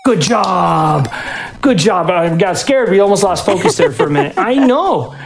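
A man runs a live speedrun alongside his dog, giving doting, coaxing commands and explaining the game between them. His pitch swoops widely, rising and falling from word to word. Faint music plays behind him. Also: very animated, measured pace, creaky. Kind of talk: live marathon speedrun talk.

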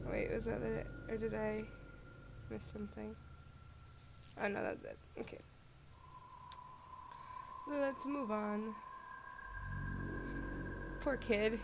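A woman narrating a let's-play in an unhurried, fairly high voice. She reads game dialogue aloud with gentle reactions, over a noticeable background hiss. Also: steady tone, creaky. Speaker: gaming video host.

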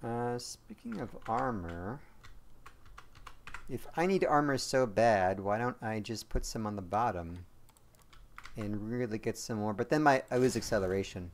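A man streaming a game live, chatting and rambling to his viewers, joking and quick to apologize. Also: lowish voice, slight background noise. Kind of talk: live gameplay commentary to chat.

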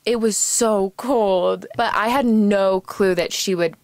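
A woman's voice: medium pitch, slow pace, darkish tone, dry recording. Young adult woman, vlogger, casual storyteller, mid-range voice, filler-heavy and laughing.

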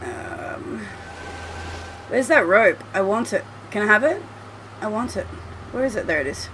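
A woman's voice: medium pitch, big pitch swings, unhurried, background noise. A woman commentating her gameplay at home, chatty and swearing freely as she talks to the game. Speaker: gameplay streamer. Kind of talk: let's play commentary.

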